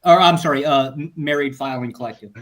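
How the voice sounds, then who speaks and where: A man's voice: fairly high pitch, a little fast. A man on an online panel, hesitantly reading out income figures while eating. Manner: reads figures aloud, hesitant. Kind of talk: casual online panel chat.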